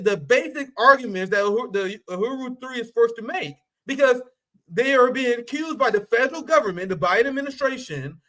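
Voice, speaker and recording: Bright, high-voiced man hosting a stream. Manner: blunt, profane and mocking, laughs at his own jokes. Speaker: host. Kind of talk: casual political livestream commentary.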